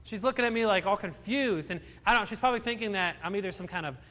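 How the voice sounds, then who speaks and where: A man's voice: sits high, fast talker, sharp tone. A man in his twenties from Virginia, earnestly telling a personal story to an audience, with frequent restarts. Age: 20s. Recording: hall with long reverb.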